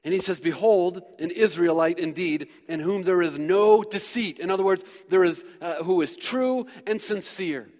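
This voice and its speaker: A man delivers a sermon in a high, bright-edged voice. He swings from near-shouted emphasis to hushed asides and acts out the voices of the people in his story. The sound rings with the long reverb of a church hall. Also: normal speed, few pauses. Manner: animated, swings from loud emphasis to quiet; acts out quoted voices of Bible figures. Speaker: pastor. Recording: hall reverb, live preaching.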